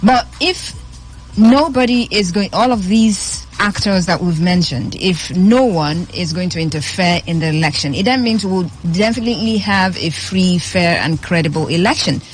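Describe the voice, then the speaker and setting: A woman's voice: fairly low pitch, lively intonation, moderate pace, faint music behind. A woman with a Nigerian accent hosting a radio show, chatting and reading the news, stressing words by repeating them. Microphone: studio microphone.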